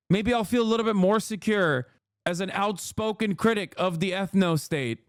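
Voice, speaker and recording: A man's voice: high-pitched, moderate pace, clean tone, dry recording, studio quality. A man streaming live commentary, arguing back at his chat in a heated and sarcastic way. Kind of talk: livestream commentary.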